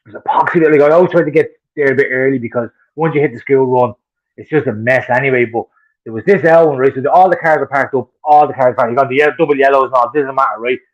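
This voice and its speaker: A man's voice: medium pitch, fast, lo-fi sound. An Irish man co-hosting a podcast, telling profane, heated stories in casual chat. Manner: profane, heated ranting storyteller. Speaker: podcast co-host.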